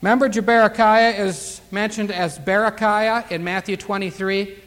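High-voiced folksy older preacher, reverberant hall. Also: male voice, steady tone, normal speed, fairly bright tone. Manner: folksy, rhetorical questions, reads scripture aloud. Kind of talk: Bible teaching sermon.

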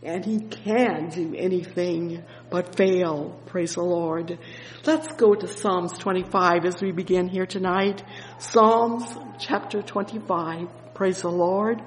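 Man, preacher, sermon, fervent, "oh yes" interjections, slow, high voice, echoey hall. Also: fairly even intonation, slight background noise. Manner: fervent, peppered with "oh yes" and "praise the Lord"; reads scripture slowly and deliberately. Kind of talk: evening sermon, Bible exposition. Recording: echoey hall with long reverb.

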